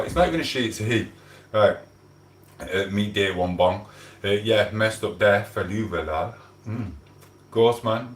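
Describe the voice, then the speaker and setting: Male streamer, casual rambling chat with viewers, low-pitched, echoey home room. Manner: chatty, greets viewers by name, rambling. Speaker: livestream host.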